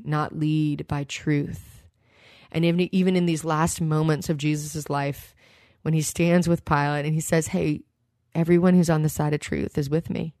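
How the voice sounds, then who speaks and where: A woman's voice: deep voice, darkish tone, no room sound, clean studio sound. A woman preaching a sermon, retelling scripture in a conversational storytelling way.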